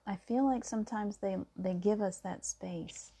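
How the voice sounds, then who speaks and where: A middle-aged woman in a casual spiritual monologue, talking softly and reassuringly as she tells a personal story. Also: mid-range voice, measured pace. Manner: soft-spoken, reassuring, storytelling with gentle emphasis. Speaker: spiritual vlogger.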